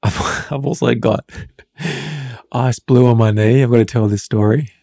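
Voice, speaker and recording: A man's voice: medium pitch, fairly even intonation, normal speed, vocal fry, warm tone, no room sound, clean studio sound. A man co-hosting a podcast with his wife, telling stories with self-mocking humour. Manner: joking, self-mocking storyteller. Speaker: co-host, husband. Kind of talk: casual podcast chat.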